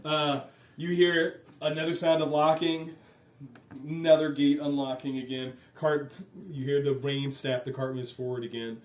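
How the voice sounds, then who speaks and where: A man running a tabletop game as game master, narrating in a relaxed way with many fillers. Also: fairly high pitch, normal speed. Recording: echoey room, voice from far off.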